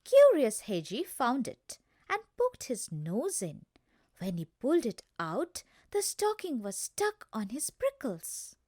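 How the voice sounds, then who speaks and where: A woman narrating a school play in a slow, lilting storytelling manner. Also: a little high, wildly swooping pitch, warm tone, no echo, studio quality.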